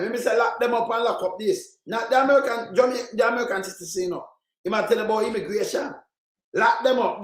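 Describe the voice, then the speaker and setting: A man with a Jamaican accent ranting angrily about politics in patois, repeating himself and bursting into shouts. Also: very high-pitched, echoey room, poor audio. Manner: heated, repetitive, bursts into shouting. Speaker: commentator. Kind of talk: angry political rant in patois.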